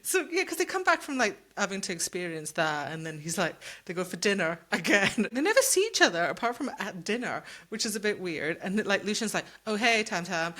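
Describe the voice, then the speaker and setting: A woman chats her way through a book recap on a podcast. Her voice is bright and clear. She laughs a lot and keeps dropping into quick impressions of the characters. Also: medium pitch, sing-song. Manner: giggly, acts out characters' lines. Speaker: podcast co-host. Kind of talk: casual book discussion.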